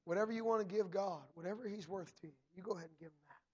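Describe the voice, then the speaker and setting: A pastor in church, preaching and then leading a prayer that repeats "Lord" and "God" between phrases and builds to shouting. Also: male voice, sits high, racing, lo-fi sound. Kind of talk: sermon and prayer.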